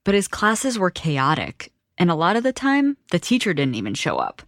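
A woman reporter narrating a documentary story in a measured, wry storytelling voice. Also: fairly low pitch, huge pitch swings, no echo, clean studio sound.

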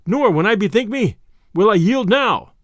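A man's voice: sits high, animated, normal speed, a bit bright, no room sound, studio quality, pitched above the performer's own voice. A man voicing a merry, bold male outlaw leader in a storybook reading, hearty and boisterous.

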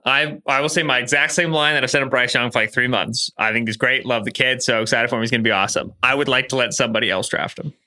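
A man's voice: medium pitch, quick pace, hardly any pauses, pushed and bright. A man co-hosting a casual sports podcast, giving analysis with dry humor. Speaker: podcast co-host. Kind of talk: casual chat.

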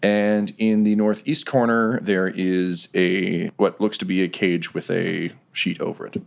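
A man narrating as game master of a tabletop game, describing scenes in a measured way. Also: low voice, little pitch movement, gravelly.

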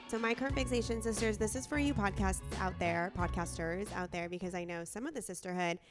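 A woman co-hosting a podcast in casual chat, hoarse from losing her voice, swearing freely. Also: medium pitch, steady tone, brisk, over music. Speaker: podcast co-host. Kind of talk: casual chat and read ads.

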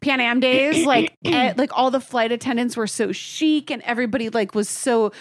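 Higher-voiced blunt woman podcast host. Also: moderate pace, dry recording, clean studio sound. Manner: blunt, opinionated, swears freely. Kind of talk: casual chat.

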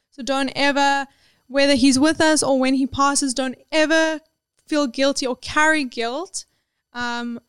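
A woman's voice: high-pitched, fairly bright tone, smooth, no room sound. A woman pet psychic speaking as a podcast guest, earnest and reassuring, with frequent restarts. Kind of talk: casual podcast conversation.

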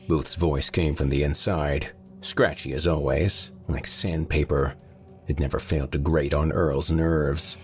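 A man narrating a dark horror audiobook in a steady storytelling manner. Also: extremely low pitch, a little slow, soft background music.

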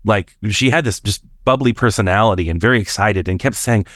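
Low-voiced man telling a story. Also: no room sound, clean studio sound. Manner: animated, jumps up in pitch to act out quoted voices; halting, with restarts and fillers. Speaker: caller sharing a personal experience. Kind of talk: casual storytelling.

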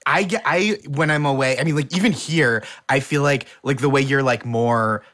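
A co-host from Boston, chatting casually and joking in a wry, playful way. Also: normal speed. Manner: playful, wry, with lively swoops in pitch. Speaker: podcast co-host. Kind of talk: casual chat.

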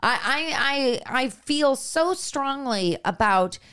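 A woman's voice: high-pitched, animated, slow pace, a bit bright, clear, resonant tone. A woman in her thirties hosting a casual podcast, emotional and effusive, swearing casually. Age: 30s. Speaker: podcast host.

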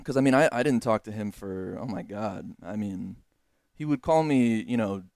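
A man's voice: lowish voice, normal speed, gravelly, darkish tone, dry recording, clean studio sound. A man chatting as a podcast guest, telling a rambling personal story with many restarts. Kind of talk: casual chat.

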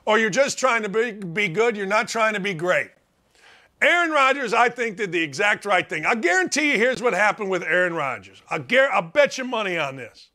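A man's voice: high voice, sing-song, moderate pace, bright, forceful tone. A middle-aged man hosting a sports talk show, delivering a blunt, emphatic, sarcastic monologue. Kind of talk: opinionated monologue.

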